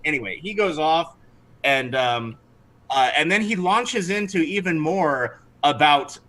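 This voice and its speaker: A man's voice: fairly high pitch, pushed and bright, low-quality recording. A man narrating a tabletop game as game master, chatty, with frequent restarts. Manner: chatty, with many restarts and fillers.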